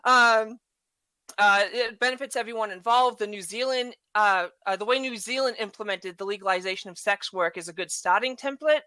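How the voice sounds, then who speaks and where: Bright-voiced woman reading her argument. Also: mid-range voice, normal speed, no room sound. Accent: non-native English. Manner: stumbles and restarts, laughs it off. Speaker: podcast guest. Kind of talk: reading a prepared argument on a podcast.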